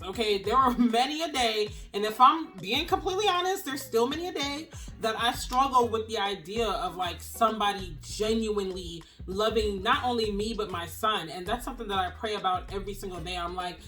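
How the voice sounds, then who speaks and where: Young woman, heartfelt and earnest, casual to-camera talk, soft music underneath. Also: medium pitch, expressive, brisk, few pauses. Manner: emotional, earnest, colloquial. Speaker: vlogger, single mom.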